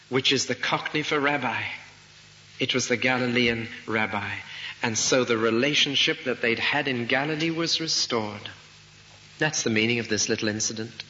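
Bright-toned preacher, lo-fi tape. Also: male voice, mid-range voice. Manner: reflective, with rhetorical questions. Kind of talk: expository sermon. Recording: dull lo-fi recording with faint hiss.

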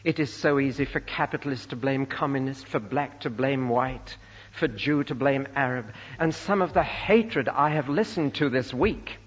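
A man preaching a sermon, earnest and emphatic, slowing down to stress key phrases. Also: medium pitch, husky. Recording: lo-fi recording in a reverberant church.

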